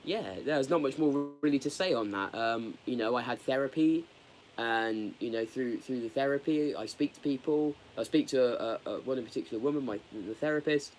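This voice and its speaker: A man chatting candidly on a live stream, rambling and halting. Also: mid-range voice, darkish tone, slight background noise. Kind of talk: casual live stream chat.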